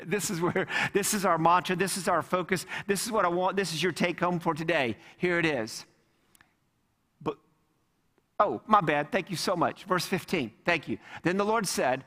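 A man preaching a sermon, animated, acting out the people in the scripture reading. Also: high-pitched, a little fast. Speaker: pastor. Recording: long hall reverb.

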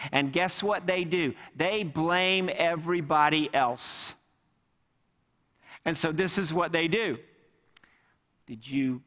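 A man preaching a sermon, animated, acting out the people in the scripture reading. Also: on the high side. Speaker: pastor. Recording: long hall reverb.

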